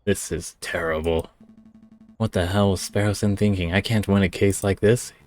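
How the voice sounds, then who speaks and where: A man's voice: low-pitched, fairly even intonation, normal speed, darkish tone, dry recording, soft background music, natural voice. A man voicing an exasperated young lawyer. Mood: dismayed. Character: brash young male lawyer detective. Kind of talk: reading game dialogue aloud.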